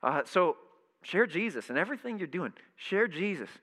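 A man preaching a sermon, animated and emphatic, repeating key phrases. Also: sits high, normal speed. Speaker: pastor.

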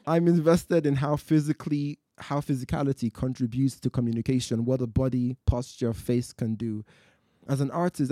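A man from West Africa, a poet and storyteller, performing live in a festival tent with measured, rhythmic, vivid delivery. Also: mid-range voice, warm tone, no room sound, studio quality. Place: night-time festival marquee.

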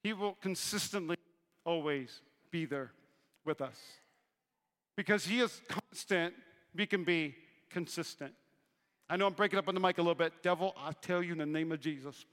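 A young man preaching a sermon, telling a story with animated swings from hushed lines to shouts. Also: on the high side, normal speed. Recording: reverberant hall.

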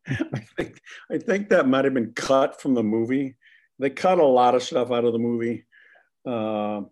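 A man being interviewed, telling animated, profane stories about his acting work with plenty of laughter. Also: medium pitch. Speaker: actor guest. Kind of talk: casual anecdotal storytelling.

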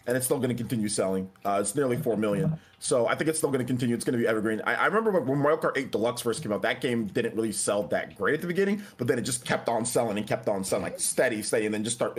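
A man on a gaming podcast panel who rambles and repeats himself as he makes his point. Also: medium pitch. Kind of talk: casual chat.

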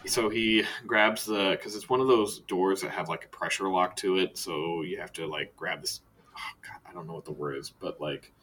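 A man's voice: low-pitched, normal speed, a bit bright. A man narrating as game master in a tabletop game, in a casual, rambling way.

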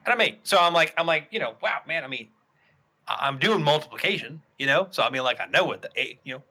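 Bright-voiced rambling man storyteller. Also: fairly high pitch, expressive, fast. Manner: rambling storyteller, frequent restarts and swearing. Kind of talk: casual podcast chat.

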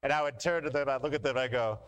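A man's voice: mid-range voice, steady tone, quick pace, very noisy. Conversational middle-aged male pastor. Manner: conversational, storytelling, frequent "right?" asides. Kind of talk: sermon.

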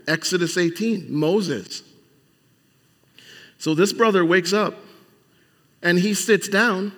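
A man with a fairly high voice preaches a sermon in a church sanctuary, talking conversationally and often restarting his sentences. He presses his points with strings of rhetorical questions, and his voice rings out with a long reverb from the hall. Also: fairly bright tone. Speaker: pastor.

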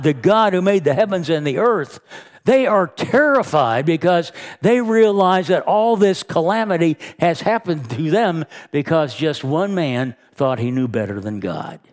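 A man pastor preaching a sermon, slow and emphatic, rising and quickening when he retells scenes. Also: a little high.

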